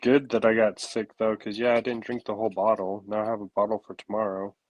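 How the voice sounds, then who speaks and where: A man joins the stream chat in a lowish voice. He keeps his answers short and relaxed, easygoing in the banter. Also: fast talker, lo-fi sound. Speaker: stream panel guest.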